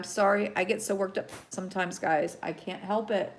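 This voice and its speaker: A woman hosting a casual live news show, reading headlines haltingly with many ums, chatting to viewers and getting heated about the news. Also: mid-range voice, steady tone, slight background noise. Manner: reads haltingly with many ums, greets chat viewers, gets heated and worked up. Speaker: host.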